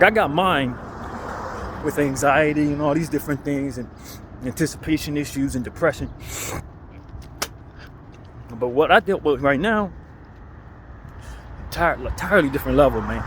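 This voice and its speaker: Man vlogging outdoors, fairly high voice, chuckling, faint traffic behind. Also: moderate pace, long pauses. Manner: chuckling, rambling. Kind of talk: casual storytelling. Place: outdoors on a city street, walking.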